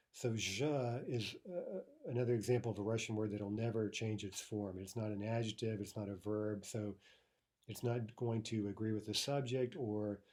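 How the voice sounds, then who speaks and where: A man teaching a language lesson, explaining grammar with many fillers and repeating each example slowly. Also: lowish voice, a little mellow.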